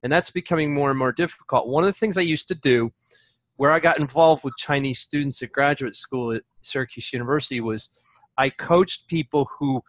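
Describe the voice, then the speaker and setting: A man teacher leading a seminar discussion in a thoughtful, halting way. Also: medium pitch, no echo. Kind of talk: casual discussion.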